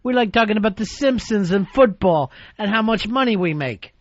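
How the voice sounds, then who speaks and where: A man's voice: high voice, animated, normal speed, no room sound. A man hosting a radio talk show, teasing his co-host with sarcastic jabs in casual banter. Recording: dull radio broadcast with faint music.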